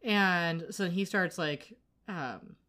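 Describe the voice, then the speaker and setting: Chatty woman with a lowish voice. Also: slow pace, sharp tone. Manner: chatty, acts out quoted lines, lots of fillers. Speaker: podcast co-host. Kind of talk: casual recap chat.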